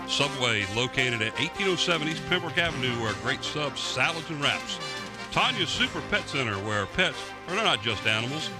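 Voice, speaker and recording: Lively announcer guy at a high school game, music playing under him. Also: moderate pace. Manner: lively, reads sponsor spots, jokes. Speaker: play-by-play announcer. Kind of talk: local football broadcast commentary. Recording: local cable broadcast with music behind.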